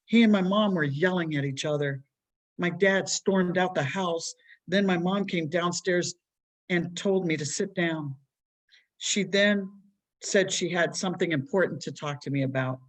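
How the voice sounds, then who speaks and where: A woman's voice: lowish voice, close to an everyday voice. A woman voicing an upset young boy who blames himself for trouble at home, speaking tearfully. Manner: tearful, pleading.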